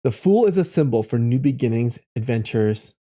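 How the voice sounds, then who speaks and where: A man's voice: medium pitch, animated, normal speed, warm tone. A man live-streaming casually, reading chat messages aloud and drawing tarot cards, reflective and encouraging, laughing often.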